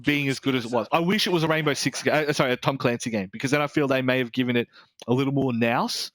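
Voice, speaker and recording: A man's voice: mid-range voice, quick pace, a bit bright, no room sound. A man with an Australian accent reviewing a video game in casual chat, rambling and candid, swearing freely.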